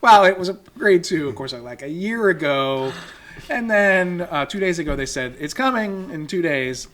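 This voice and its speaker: A man hosting a casual chat, leading topics and bringing in the news quickly. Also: sits high, expressive, a bit bright. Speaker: host.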